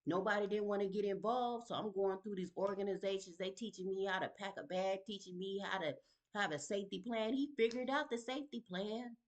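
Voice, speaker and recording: A woman tells her own story in a casual vlog, at a middle pitch. She speaks in an emphatic, conversational way and keeps checking in with the listener. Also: fairly even intonation, fairly quick. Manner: emphatic and conversational, fond of asking "you feel me?". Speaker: vlogger sharing her story.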